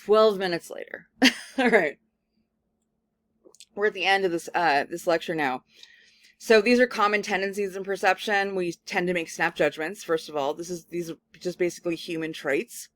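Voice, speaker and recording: A woman professor giving a lecture, telling a personal story in a casual, animated way with many filler words. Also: fairly low pitch, normal speed. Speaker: communication studies professor. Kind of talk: recorded lecture with personal anecdote.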